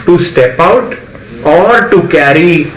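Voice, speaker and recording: A man's voice: a little high, lively intonation, slow pace, fairly bright tone, a little hiss or hum. Man moderating, echoey room. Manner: probing, repeats answers back. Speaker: focus group moderator. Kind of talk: casual group discussion. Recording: echoey room, faint ambience.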